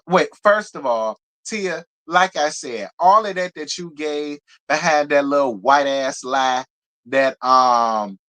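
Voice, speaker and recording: A man hosting a casual live recap of a reality TV show, talking in a gossipy, profane, animated way and laughing often. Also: mid-range voice. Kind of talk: casual live review commentary.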